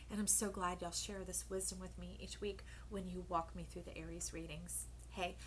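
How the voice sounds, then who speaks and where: Woman tarot reader, bright and lively, swings between playful loud asides and soft whispers, talks straight to her viewers. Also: medium pitch, moderate pace, hardly any pauses, slight background noise. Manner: playful and animated, often dropping to a soft whisper; calls listeners "baby" and "y'all". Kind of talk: casual tarot reading to camera.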